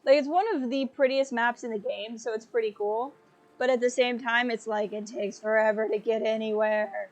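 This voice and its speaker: A young woman chatting playfully through a live game stream. Her voice sits a bit high and bounces with jokes and asides. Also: steady tone, normal speed.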